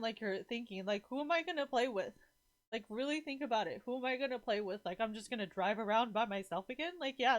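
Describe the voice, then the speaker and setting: Rambling, emotional young woman streamer. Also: on the high side. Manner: rambling, emotional and profane, with many fillers. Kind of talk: casual livestream chat.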